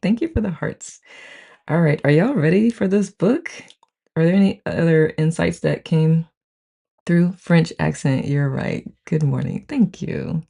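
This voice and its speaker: Mid-range, creaky, and mellow, the voice keeps a measured pace. It comes from a live book-study group host who chats casually on stream, names each viewer in greeting, and gushes while reading the chat aloud, frequently saying "I love it."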